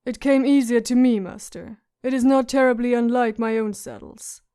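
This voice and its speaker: A woman's voice: fairly high pitch, normal speed, warm tone, clear, resonant tone, natural voice. A woman voicing a sardonic, witty dwarf lord who speaks in a dry, mocking way. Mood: wry.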